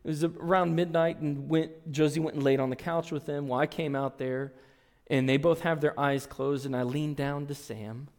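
A pastor preaching a sermon, telling a story earnestly and reading scripture aloud. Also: male voice, on the high side, fairly even intonation, normal speed, darkish tone. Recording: long reverb in a large hall.

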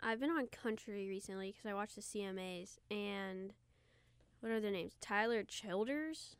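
A woman's voice: mid-range voice, steady tone, normal speed, smooth, no echo. A young woman co-hosting a casual podcast, chatty and rambling, with plenty of slang. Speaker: podcast co-host. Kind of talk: casual chat.

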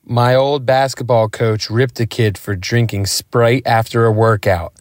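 A man's voice: mid-range voice, fairly even intonation, unhurried, no echo, studio quality. A man reading out a short personal story in a tight, emotionless way. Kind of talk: read-out story submission.

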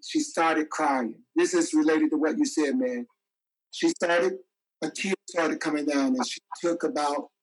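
A man with a somewhat high voice telling a story on a discussion panel. He is animated and often stops to restart a sentence. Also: rough recording.

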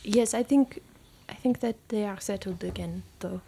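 A woman voicing a shy, humble young male gnome necromancer, speaking softly and politely. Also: mid-range voice, normal speed, vocal fry, breathy edge, pitched above the performer's own voice. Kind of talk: tabletop role-play.

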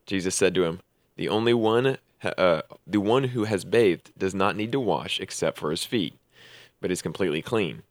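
A man with a somewhat low voice reads scripture for a church podcast. His reading is plain and steady, and the sound is dry and close. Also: normal speed, no room sound.

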